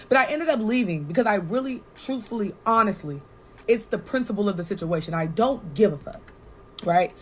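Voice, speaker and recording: A young woman guest on a talk show tells a personal story in a casual way, blunt, animated and full of swearing. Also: medium pitch, a little fast, a little hiss or hum, rough recording. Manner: blunt, profane and animated, with frequent "like" and "right?".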